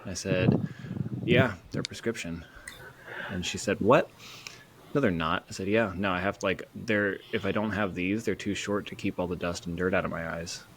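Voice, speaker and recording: A man's voice: low-pitched, little pitch movement, a little fast, few pauses, background noise. A man co-hosting a podcast in casual chat, an easygoing storyteller with dry humor. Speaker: podcast co-host.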